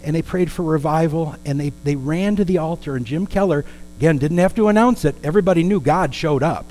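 A man's voice: fairly high pitch, a little fast, a little mellow, a little hiss or hum, poor audio. A man preaching a storytelling sermon in a conversational way, with asides and questions to the congregation.

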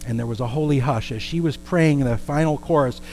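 Guy preaching a story sermon, middle pitch, talks easy and asks the congregation stuff. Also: fairly quick, darkish tone, poor audio. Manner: conversational, with asides and questions to the congregation.

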